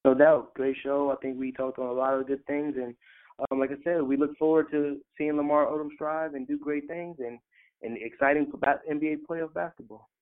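A man co-hosting a sports radio show, relaxed and earnest, with lots of fillers. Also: on the high side, normal speed. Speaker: radio co-host. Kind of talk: casual sports radio chat. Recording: tinny phone-line sound.

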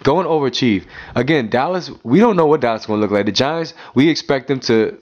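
A man's voice: mid-range voice, animated, quick pace, a little mellow. Wry male sports radio co-host. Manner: wry, teasing banter. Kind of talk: casual sports talk. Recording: dull, lo-fi radio recording.

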